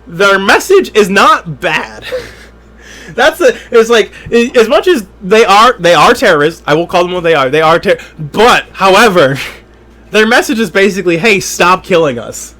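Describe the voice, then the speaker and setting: A man's voice: high voice, animated, normal speed, sharp tone. A man co-hosting a comedy podcast, rambling and restarting in casual chat. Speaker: podcast co-host.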